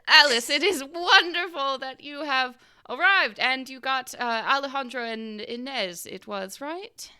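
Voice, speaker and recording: A woman voicing a doddering older hostess who is fussy and overly polite, in a gushing, high, airy manner. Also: measured pace, few pauses, pushed and bright, clean tone, full character voice.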